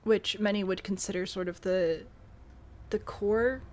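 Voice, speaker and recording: Her voice is mid-range, steady, a little slow and a little mellow, with slight background noise. She's a young woman from Michigan in the US Midwest, speaking with a mild Midwestern accent as she casually streams, thinks aloud, answers chat and builds in a game.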